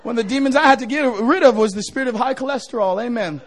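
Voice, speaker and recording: A middle-aged male pastor preaching a revival sermon, joking with the crowd and building to shouts. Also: extremely high pitch, quick pace, a little hiss or hum.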